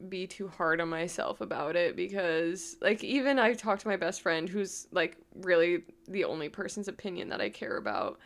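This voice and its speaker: A woman's voice: on the low side, expressive, normal speed, gravelly, hardly any pauses. A young woman from New York vlogging casually, rambling with lots of "like" and frequent laughs. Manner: rambling, full of "like", laughs often. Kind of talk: casual storytime chat.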